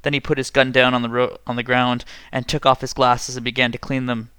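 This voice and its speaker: Brief: male narrator, bright resonant tone, dry close sound, steady reading. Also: medium pitch, fairly quick, smooth, dry recording. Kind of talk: story reading.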